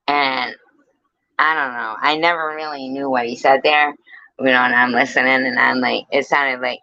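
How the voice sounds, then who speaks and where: Slow-talking bright woman livestreamer. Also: very deep voice, steady tone, lo-fi sound. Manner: playful, teasing, swears freely. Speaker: livestream host. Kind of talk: casual livestream chat with viewers.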